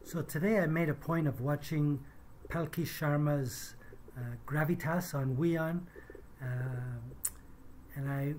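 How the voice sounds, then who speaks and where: A woman who has taught English, talking through pronunciation mistakes in a measured, deliberate way with many hesitant fillers. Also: sits low, a little hiss or hum. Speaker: English teacher reviewing pronunciation. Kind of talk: casual spoken commentary.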